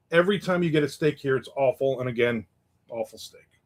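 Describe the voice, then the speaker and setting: A man's voice: mid-range voice, fairly quick. A middle-aged man hosting a casual livestream, rambling about his weekend and reading viewer comments aloud. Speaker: livestream host.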